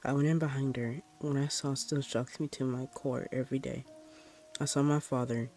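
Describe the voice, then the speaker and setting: A man reading a first-person horror story aloud in a plain, unhurried way. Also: medium pitch, fairly even intonation, darkish tone, faint music behind.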